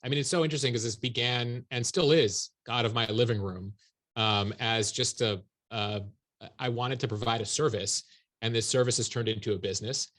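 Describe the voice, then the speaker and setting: Man, journalist guest, mid-pitched voice, animated, casual interview chat. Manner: animated, quick storytelling.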